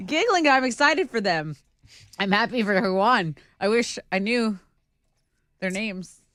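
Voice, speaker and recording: A woman's voice: medium pitch, expressive, a little slow, fairly bright tone, no room sound, clean studio sound. A woman co-hosting a morning radio show with bubbly, giggly reactions. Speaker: radio co-host.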